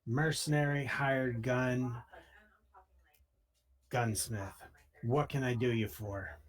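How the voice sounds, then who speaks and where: A man putting on a brash multi-armed mercenary gunsmith, boastful and folksy, talking plainly and bluntly. His voice sits around a middling male pitch. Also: fairly even intonation, takes it slowly, close to an everyday voice.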